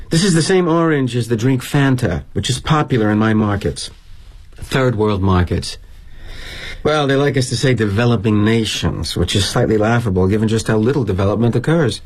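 A middle-aged actor playing a weary, guilt-ridden corporate executive in a dramatic monologue, wry and confiding. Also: male voice, mid-range voice, darkish tone, husky.

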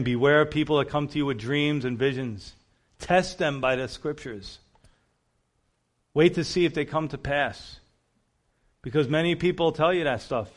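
A man's voice: fairly high pitch, fairly bright tone. A man preaching a conversational sermon, reading scripture aloud with rising emphasis between plain talk. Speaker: pastor.

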